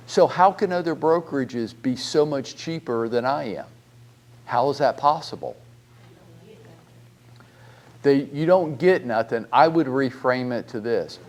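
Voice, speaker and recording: A middle-aged man, a real estate broker, giving a blunt, animated training talk full of rhetorical questions and mild swearing. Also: medium pitch.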